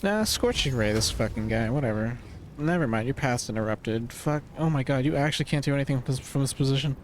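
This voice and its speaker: While streaming a role-playing video game, a man gives casual commentary, swearing heavily and muttering to himself in exasperation as he works out his moves. He talks fast in a mid-range voice with lively intonation, over a slight hiss or hum.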